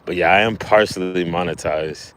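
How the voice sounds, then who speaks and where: A man hosting a casual livestream outdoors while fishing, talking in a relaxed, halting way with lots of fillers and restarts, a little out of breath. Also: sits low, slight background noise. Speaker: livestream host.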